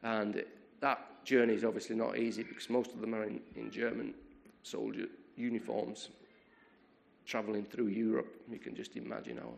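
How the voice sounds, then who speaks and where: A man preaching a sermon, retelling a story in a lively way, often repeating words and restarting his sentences. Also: lowish voice, normal speed, vocal fry, a little hiss or hum.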